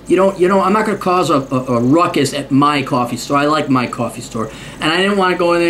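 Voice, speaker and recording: A man's voice: on the high side, fast talker, few pauses, a bit bright, a little hiss or hum. A man hosting a ranting monologue, profane, sarcastic and worked-up. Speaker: host.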